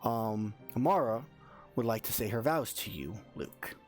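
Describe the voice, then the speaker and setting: Brief: a stiff, ceremonial priest officiating a wedding, played by the game master. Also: male voice, lowish voice, sing-song, unhurried, soft background music. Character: formal male wedding priest. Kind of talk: tabletop role-play.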